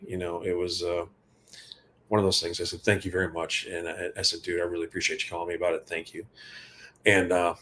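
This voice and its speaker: A guitar tech appears as an interview guest, rambling through casual backstage anecdotes, quoting conversations and laughing. His voice is low-pitched, with a little hiss or hum on the recording.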